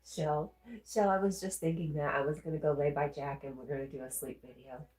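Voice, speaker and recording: A Southern woman with a blocked nose chats casually on a livestream, reading her viewers' comments out loud and answering them. She talks a little fast in a low, steady voice with a darkish tone, and the recording is reverberant.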